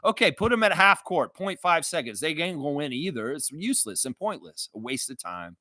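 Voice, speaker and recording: A man hosts a live sports reaction stream and rants with heavy profanity. His fairly high voice swoops up and down as he argues. It is bright and cutting, recorded close and dry with no room sound. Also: fairly quick, dry recording. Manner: animated, profane, ranting. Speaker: livestream reaction host.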